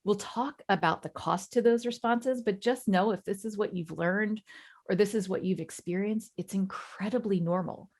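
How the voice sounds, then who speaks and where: A woman in her forties, a coach giving a webinar talk in a warm, reassuring, conversational way. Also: mid-range voice, normal speed. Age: 40s.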